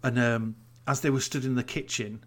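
A man with a medium-pitched, steady voice at normal speed recaps a TV episode in a casual podcast chat. He tells it as an incredulous, sweary rant about the plot holes.

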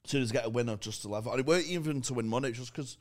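A man co-hosting a casual podcast, firing off teasing questions and jokes. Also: mid-range voice. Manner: quick teasing questions, joking. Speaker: podcast co-host.

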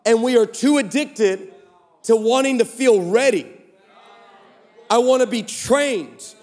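A man preaching a sermon at a conference, telling stories and building to shouts. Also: very high voice, slow. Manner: storytelling, animated, rising to shouts. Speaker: pastor. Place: conference stage in a large hall. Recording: echoey large hall.

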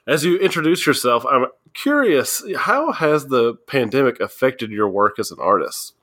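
A man with a bright, forward voice hosts a casual podcast panel. His pitch moves a lot as he introduces guests with playful jokes. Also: sing-song, moderate pace. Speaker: podcast co-host.

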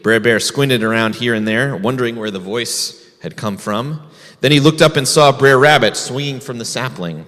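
A man's voice: medium pitch, moderate pace, a bit bright, long reverb tail. A man, a rabbi, telling a folk tale to children in a folksy way, asking the kids questions. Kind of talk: storytelling to children.

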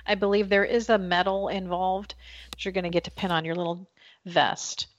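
A woman's voice: medium pitch, flat delivery, fairly quick, muffled recording. A woman co-hosting a casual podcast chat, playful and teasing. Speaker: podcast co-host.

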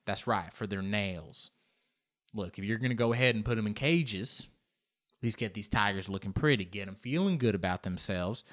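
A man playing a shady male diamond dealer in a comedy bit. He pitches in a low, soft, smooth patter, like a sleazy salesman closing a deal. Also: moderate pace, lightly acted. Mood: smooth-talking.

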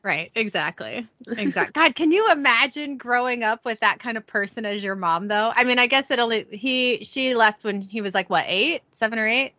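A woman co-hosts a casual podcast. She chats along and giggles now and then while she recaps an episode, and her voice is bright and a little higher than most. The sound is dry and slightly dull, as if from a home headset mic. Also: moderate pace, few pauses, no room sound. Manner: chatty, giggly, reads out lines of dialogue. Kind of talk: casual chat. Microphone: headphones with a home mic.

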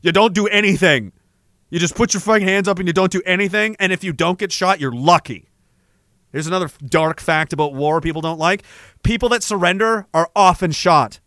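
A man from Canada hosting a casual livestream, telling stories in a profane, rambling, animated way. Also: sits high, fairly quick, dry recording, studio quality. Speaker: livestream host.

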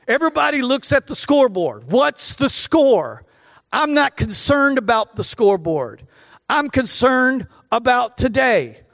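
High, gravelly-voiced preaching man. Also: sing-song, a little slow, a bit bright, no room sound, studio quality, in a large hall. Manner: emphatic, repetitive preaching, jokey asides. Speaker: pastor. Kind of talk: sermon. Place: church.

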